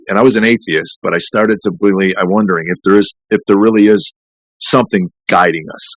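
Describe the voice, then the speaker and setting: Middle-aged male comedian, deep low voice, rambling candid storyteller, dry close mic. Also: a bit bright, dry recording, poor audio. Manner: rambling, candid storytelling with many restarts and fillers. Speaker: comedian guest. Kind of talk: storytelling in podcast interview.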